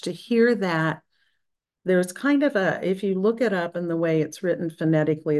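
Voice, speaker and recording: Gentle woman leading a practice. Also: low voice. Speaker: spiritual practice leader. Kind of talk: guided practice on a video call. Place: Florida. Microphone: video call.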